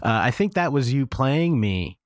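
A man's voice: mid-range voice, very animated, unhurried, no echo, studio quality. A man from Scranton, Pennsylvania, co-hosting an improvised comedy podcast, teasing and needling his partner. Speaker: podcast co-host.

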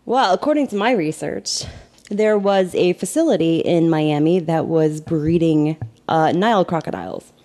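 A woman's voice: sits low, animated, normal speed, mellow. A woman co-hosting a casual podcast chat, reading out her research findings and swearing freely. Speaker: podcast co-host.

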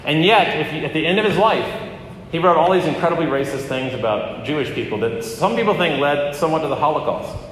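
A pastor giving a conversational sermon, often pausing with fillers and restarting his phrases. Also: a little high, lively intonation, a bit bright, slight background noise. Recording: echoey hall with long reverb.

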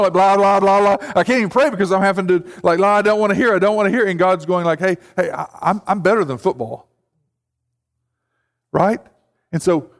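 A man with a high voice preaches to his congregation in a loose, conversational way, slipping into quoted voices along the way. His words ring out with a long reverb from the church hall. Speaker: pastor. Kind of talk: sermon. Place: church sanctuary.

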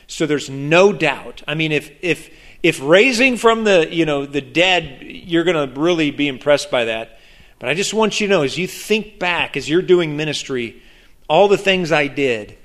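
A man preaching a sermon in a slightly high voice. He is animated and acts out the people in his story, and he often stops and restarts a sentence before going on. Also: moderate pace. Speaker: pastor.

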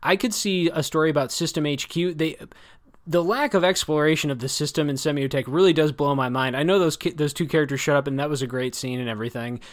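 A man's voice: on the high side, quick pace. A man co-hosting a casual book discussion, talking in long rambling stretches, correcting himself and wry. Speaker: book podcast co-host.

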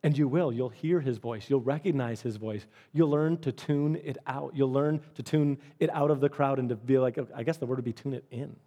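A man's voice: mid-range voice, moderate pace, few pauses, dark tone. A middle-aged man preaching a sermon as pastor, in an earnest, conversational way that repeats phrases for emphasis.

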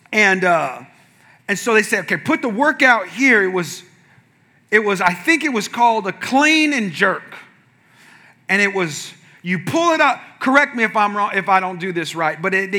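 A man preaching as a pastor, telling a funny personal story in a lively way and acting out the other people in it with sudden shouts. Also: sits high. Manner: animated, acts out quotes with sudden shouts. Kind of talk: humorous sermon storytelling.

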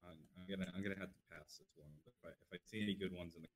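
A man with a very low voice co-hosts a casual podcast chat. He speaks haltingly, with plenty of fillers and restarts. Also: fairly even intonation, slight background noise. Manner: hesitant, halting, lots of fillers. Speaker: podcast co-host.

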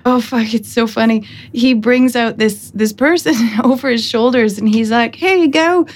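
A woman's voice: a little high, little pitch movement, normal speed, slight background noise. A woman hosting a podcast in casual conversation, talking reflectively, often laughing and checking in with "right?". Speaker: podcast host.

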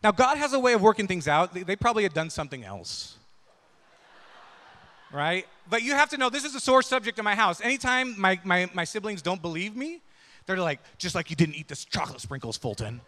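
Bright, high-voiced male pastor in a reverberant hall. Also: sing-song, fairly quick. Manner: conversational, checks in with listeners with "right?" and "yeah?". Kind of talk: sermon with personal storytelling.

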